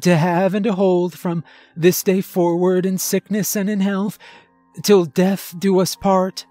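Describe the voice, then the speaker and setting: A man doing a shrill panicky Elvis-impersonator officiant. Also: little pitch movement, dark tone, dry recording, faint music behind. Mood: panicked. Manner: stammering, frantic, rushed.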